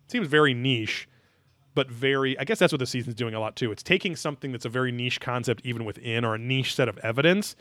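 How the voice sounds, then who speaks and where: A male podcast host chats in loose, rambling commentary packed with fillers and crude jokes. He talks fast in a medium-pitched, fairly bright voice, and there's no echo.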